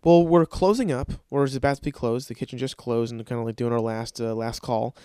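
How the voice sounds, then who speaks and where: A man's voice: medium pitch, steady tone, brisk, warm tone, clear, resonant tone, no echo. A man who works at a restaurant, delivering a profane, exasperated rant full of stammers and restarts. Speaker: restaurant server. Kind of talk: ranting comedic monologue.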